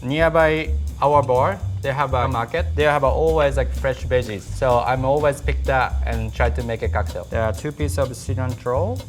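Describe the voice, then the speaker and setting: A man working as a bartender, demonstrating a cocktail in halting, simple phrases with frequent fillers. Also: medium pitch, fairly even intonation. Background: guitar music.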